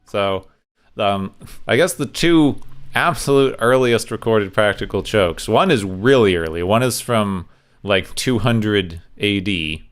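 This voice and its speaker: A man co-hosts a casual podcast, sharing bits of trivia in an easygoing way. His voice sits on the low side. It sounds smooth and clear. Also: slow pace. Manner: relaxed, recounts trivia with fillers. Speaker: podcast co-host.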